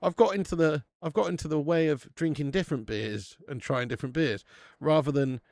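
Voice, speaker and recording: A man's voice: a little high, brisk, a little mellow, no echo, clean studio sound. A young British man hosting a live football watch-along, chatting casually, swearing and reading out viewer comments. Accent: British English. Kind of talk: casual live-stream chat.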